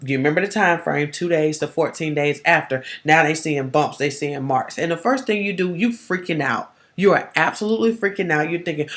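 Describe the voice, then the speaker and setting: A woman life coach talking straight to her viewers on a live stream. She is emphatic and stern in a big-sister way, and her delivery is loose, slangy and animated. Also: sits low, fairly quick, few pauses. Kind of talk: live-stream motivational talk.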